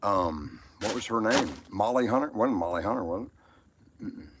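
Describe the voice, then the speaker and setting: A man's voice: on the low side, expressive, moderate pace, noisy background. A man with a Southern American accent, chatting crudely and rambling through stories on a live stream. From Southern United States. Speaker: livestream host.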